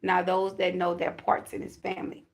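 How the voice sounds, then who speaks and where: A woman's voice: on the low side, monotone, moderate pace, creaky. A woman talking casually and emphatically to her viewers as a spiritual reader. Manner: chatty, emphatic, addresses viewers directly.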